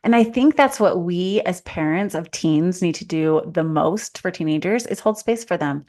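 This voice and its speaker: A woman's voice: on the low side, expressive, normal speed, a little mellow. A woman who is a life coach and co-host, giving earnest advice to parents in a casual chat. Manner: earnest, coaching, thinks aloud. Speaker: mother of teens.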